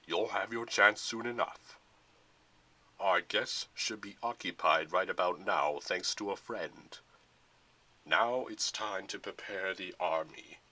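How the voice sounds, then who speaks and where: A commanding villain general with a deep growl and a quick temper, put on by a man narrating a Lego fan film. He barks orders and turns to loud roars when his men fail him. The voice keeps a bright edge under the menace. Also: heavily acted. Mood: cold menace.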